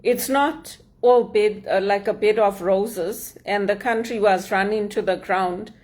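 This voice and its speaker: A middle-aged Zimbabwean woman with a Zimbabwean accent gives an earnest, measured motivational talk as a speaker and mentor. Her voice is medium in pitch with a darkish tone.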